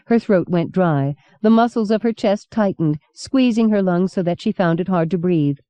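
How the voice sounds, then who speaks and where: Low, dark-voiced woman reading aloud. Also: normal speed, no echo. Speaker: audiobook narrator. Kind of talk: audiobook reading. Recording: dull lo-fi cassette recording.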